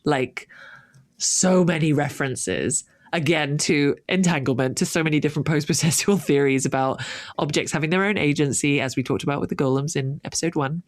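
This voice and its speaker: A woman's voice: sits low, dry recording. Rambling, laughing woman on a dry mic. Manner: rambling, enthusiastic, laughs often, many fillers. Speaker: podcast co-host. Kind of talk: casual chat.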